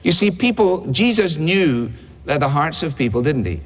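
A man's voice: fairly high pitch, big pitch swings, moderate pace. A man preaching a sermon in a conversational way, asking rhetorical questions. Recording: long hall reverb.

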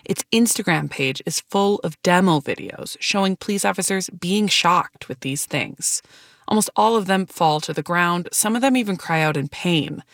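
A woman reporter reading a scripted news story in a measured, even way. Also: on the low side, no echo, clean studio sound.

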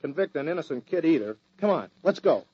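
Casting the firm football hero of a radio serial, level-headed, lo-fi vintage broadcast. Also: male voice, a little high, a little fast. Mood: determined. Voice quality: firm, steady and resolute. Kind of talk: old-time radio drama acting. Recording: dull lo-fi old radio recording.

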